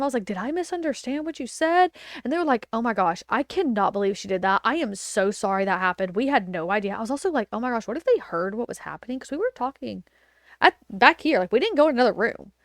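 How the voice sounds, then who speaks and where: A woman hosting a laid-back podcast from home, talking casually and animatedly as she tells a story or answers a question. Her voice sits at an ordinary middle pitch and sounds dry and close to the mic, with no room echo. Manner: animated, chatty, lots of fillers and quoted dialogue. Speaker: podcast host, wedding photographer.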